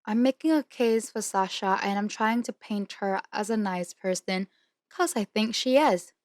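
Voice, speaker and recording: A woman's voice: medium pitch, normal speed, dry recording, studio quality. A young woman hosting a podcast, ranting in a blunt, profane casual chat and laughing mid-sentence. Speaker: podcast host.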